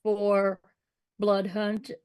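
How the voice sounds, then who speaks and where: A woman playing a tabletop game, explaining her moves in a measured way. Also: medium pitch, completely flat delivery, a little mellow, clear, resonant tone. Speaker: player.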